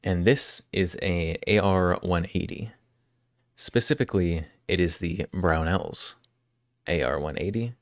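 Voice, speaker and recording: A man's voice: sits low, unhurried, dry recording, studio quality. A man live-streaming, chatting casually and jokingly with his viewers as he answers their questions.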